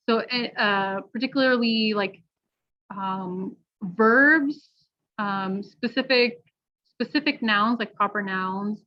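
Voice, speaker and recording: An American woman teaching an online pronunciation workshop, encouraging and explaining clearly with examples. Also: a little high. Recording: dull lo-fi video call audio.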